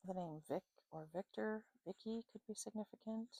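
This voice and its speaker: A woman with a warm, mellow voice gives an intuitive psychic reading to her viewers. She speaks unhurriedly, fills pauses with "um", and keeps checking in with "okay?". The sound is dry and close, with no room echo. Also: mid-range voice, vocal fry. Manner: unhurried, many fillers and "okay?" check-ins. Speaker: psychic reader.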